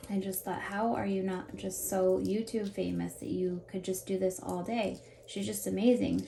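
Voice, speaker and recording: A woman's voice: medium pitch, gravelly, warm tone, a little hiss or hum. A woman in her thirties chatting casually as she unboxes jewelry, rambling from topic to topic. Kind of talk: casual chat while unboxing. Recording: roomy echo with faint ambience.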